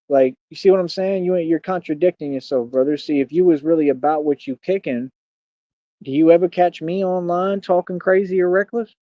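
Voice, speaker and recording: A man's voice: fairly high pitch, warm tone, no echo, lo-fi sound. A man in his thirties hosting a livestream, ranting boastfully and confrontationally at his critics. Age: 30s. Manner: boastful, confrontational, talks fast. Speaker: streamer and radio show host. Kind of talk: livestream rant.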